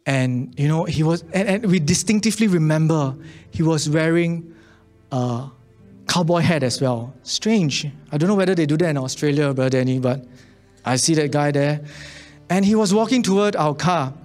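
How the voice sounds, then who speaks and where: A high-voiced male preacher tells a personal story in a sermon, stumbling and repeating words as he goes. He builds toward an earnest, impassioned appeal to his listeners. Soft music plays faintly behind him. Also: normal speed. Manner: repeats words and restarts often.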